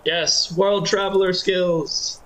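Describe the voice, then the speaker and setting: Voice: medium pitch, steady tone, takes it slowly, fairly bright tone, poor audio. A tabletop player joking around between turns. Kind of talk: tabletop game play.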